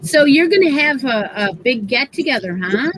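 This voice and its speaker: A woman co-host with a New York accent, chatting excitedly on a live craft show. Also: high-pitched, normal speed, slight background noise, rough recording. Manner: excitable, laughs often. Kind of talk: casual live-stream chat.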